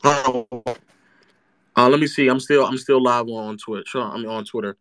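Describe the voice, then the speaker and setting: A man's voice: mid-range voice, a little slow, a bit bright, no echo, clean studio sound. A man streaming live, ranting about basketball in a sarcastic, mocking way and repeating phrases for effect.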